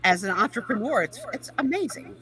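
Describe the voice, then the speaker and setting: A woman hosting a live video-call chat, excitable and teasing as she jokes with her guests. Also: a little high, a little fast, soft background music, rough recording. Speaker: live show host. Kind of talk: casual group chat on a live stream.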